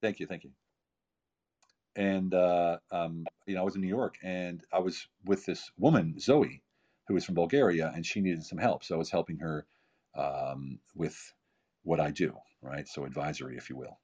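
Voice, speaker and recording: A man's voice: deep voice, moderate pace, mellow, highs cut off. A man in his fifties, a podcast guest giving an emphatic motivational talk full of rhetorical questions and repeated phrases. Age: 50s. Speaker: podcast guest, keynote speaker and author.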